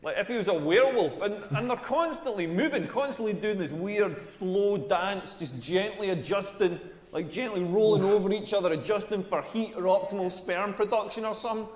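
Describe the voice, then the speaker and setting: Male actor as a tall Scottish comic in a game; raised pitch, crude rambling jokes, roomy reverb. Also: moderate pace, hardly any pauses, lightly acted. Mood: deadpan. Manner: crude, rambling, self-mocking. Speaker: stand-up comedian. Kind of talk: stand-up comedy routine. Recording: echoey hall with long reverb.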